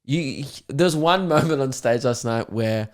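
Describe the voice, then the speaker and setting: Young man telling animated stories. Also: mid-range voice, a little slow. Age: young adult. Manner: animated storyteller who acts out voices of others. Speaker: podcast host and comedian. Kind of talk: casual podcast chat.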